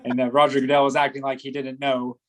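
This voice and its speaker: A man in relaxed podcast conversation, speaking at a middle pitch for a man. He talks in a halting, measured way, pausing and restarting as he reasons things out. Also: poor audio. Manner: hesitant, many fillers and restarts, measured and agreeable. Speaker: podcast co-host. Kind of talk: casual chat.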